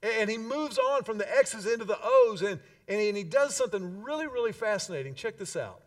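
A man preaching a sermon as pastor, emphatic and energetic, with playful asides to the congregation. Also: high-pitched, brisk, distant mic.

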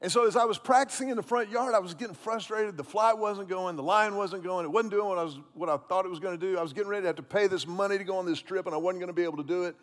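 Man, pastor, high voice, chatty storytelling sermon, long hall reverb. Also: rapid-fire, few pauses. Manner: casual, animated storytelling with fillers.

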